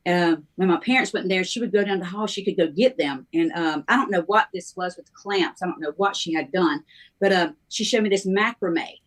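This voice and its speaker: A middle-aged woman, a minister, telling her life story in a halting, conversational way, with many ums and restarts. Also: lowish voice. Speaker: guest minister sharing her testimony.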